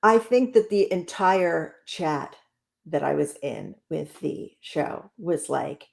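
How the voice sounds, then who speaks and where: A woman's voice: lowish voice, very animated, slow pace, gravelly, a little mellow. A woman co-hosting a casual wrestling review chat, chatty and sarcastic, often laughing. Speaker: podcast co-host.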